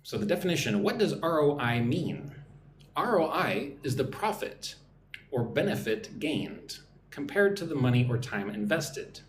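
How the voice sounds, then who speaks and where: An American man teaching business English on a live stream, speaking slowly and clearly and often checking in with "right?". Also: mid-range voice, big pitch swings, echoey room, slight background noise. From United States.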